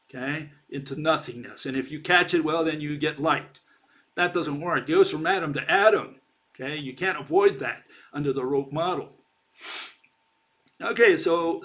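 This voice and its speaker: A man's voice: fairly high pitch, a bit bright. A man giving an informal science lecture, emphatic and mocking, checking in often with "okay?". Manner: emphatic, keeps asking "okay?", mocking of critics.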